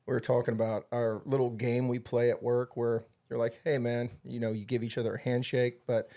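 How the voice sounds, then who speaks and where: A man's voice: medium pitch, little pitch movement, a little fast, dark tone. Rambling man steering a podcast chat. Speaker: podcast host. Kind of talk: casual chat.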